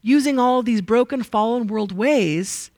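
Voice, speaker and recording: A woman's voice: on the high side, a little slow, dry recording, clean studio sound. A woman teaching a Bible study to a live group in a conversational way. She often asks the group questions and answers them herself. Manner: lively, asks the audience rhetorical questions.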